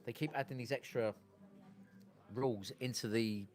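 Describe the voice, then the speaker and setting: A man's voice: medium pitch, steady tone, normal speed, a little mellow. A man from England hosting a casual outdoor live stream, rambling and breaking off to talk to his viewers. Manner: rambling, self-interrupting, talks to viewers. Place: outdoors on a street.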